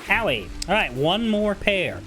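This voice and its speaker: A male game streamer thinks aloud in a chatty, freely cursing commentary. His voice sits slightly high and moves lively up and down. Faint game music plays beneath him. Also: a little slow. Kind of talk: casual gameplay commentary.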